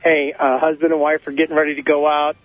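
A man's voice: fairly high pitch, completely flat delivery, fast talker, dry recording, soft background music. A man calling a radio show, telling a short joke in a plain, matter-of-fact way. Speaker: caller. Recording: dry, muffled phone-line call.

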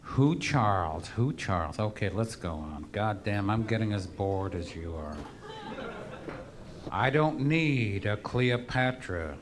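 His voice sits on the low side as he rambles through profane stories for a live audience, wry and offhand throughout. There's slight background noise.

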